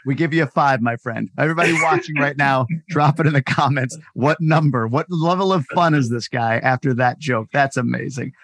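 A man hosting a podcast, upbeat and energetic, wrapping up the episode. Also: medium pitch, moderate pace, few pauses. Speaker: podcast host.

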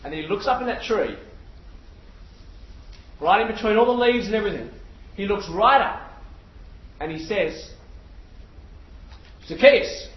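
Brief: high-voiced male preacher, lively storytelling, distant mic in a roomy hall. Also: moderate pace, pauses often. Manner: animated storyteller who asks the crowd questions. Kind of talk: sermon. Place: large hall with an audience. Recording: echoey hall, distant mic, dull sound, faint noise.

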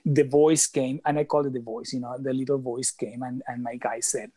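A man speaking as an interview guest and coach, explaining ideas earnestly with slightly halting phrasing. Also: medium pitch, flat delivery, mellow. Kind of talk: conversational interview talk.

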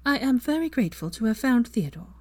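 Lady doing a clever young witch, wry and dry, voice pitched up, lively. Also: brisk, no room sound.

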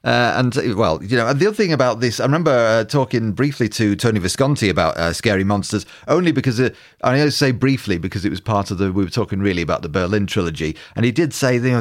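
A man co-hosting a music podcast, chatting and telling anecdotes in a conversational way. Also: on the low side. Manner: conversational, storytelling, reading out quotes. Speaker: podcast co-host. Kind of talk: casual music chat.

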